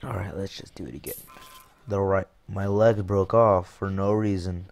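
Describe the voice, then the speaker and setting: A young man giving jokey let's-play commentary over a game, excitable, with sudden yelps and shouts. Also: lowish voice, normal speed, no room sound. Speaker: gaming YouTuber.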